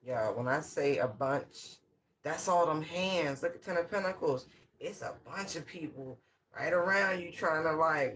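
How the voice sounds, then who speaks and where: A man's voice: a little high, a little slow, a bit bright. A man giving a casual, channeled tarot reading in loose, slangy, rambling talk full of fillers. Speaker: tarot reader.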